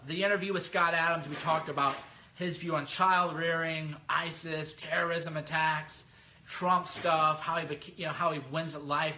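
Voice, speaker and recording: A man podcaster talking in a casual monologue, animated and sometimes mocking others with put-on voices. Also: a little high, a little hiss or hum.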